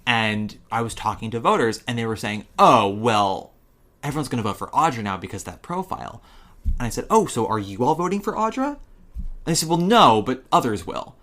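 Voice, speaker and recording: A man hosts a casual podcast chat, spinning gossipy stories with quick laughs. His voice sounds bright and forward, at a middle pitch for a man. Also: sing-song. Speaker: podcast host.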